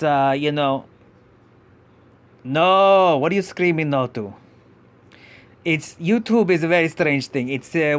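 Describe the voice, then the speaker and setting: A man voicing a goofy male dinosaur puppet pup who hosts a live podcast, talking in a vague put-on foreign accent, rambling with many halting restarts. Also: on the high side, lightly acted. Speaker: podcast host. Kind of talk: live podcast character act.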